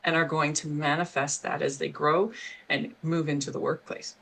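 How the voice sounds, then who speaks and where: A woman's voice: deep voice, level tone, moderate pace, creaky, fairly bright tone. A middle-aged woman, a guest with an HR background, explaining parenting ideas earnestly and laughing between points. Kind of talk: explanatory interview talk.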